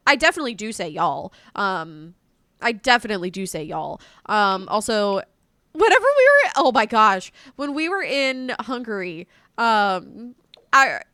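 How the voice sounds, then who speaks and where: Talking to her live-stream audience, this woman from North Carolina rambles in a casual, animated way, her North Carolina Southern accent clear. The pitch runs fairly high, and the studio-quality audio carries no room sound.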